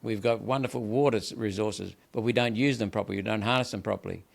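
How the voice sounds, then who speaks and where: Emphatic gravelly-voiced older Australian man. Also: lowish voice, quick pace. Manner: ranting, emphatic, repeats words. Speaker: senator, guest. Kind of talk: impassioned political interview.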